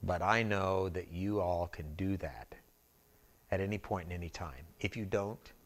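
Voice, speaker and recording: A man's voice: low voice, a little slow. A male pastor preaching a conversational sermon, calling out to the congregation to check they follow. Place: church sanctuary.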